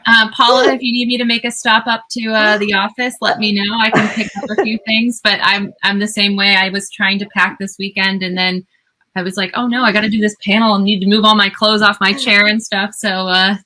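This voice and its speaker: A woman hosting a video panel, upbeat and chatty, with a bright, crisp edge to her voice. She speaks at a mid pitch. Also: little pitch movement, brisk. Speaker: panel moderator.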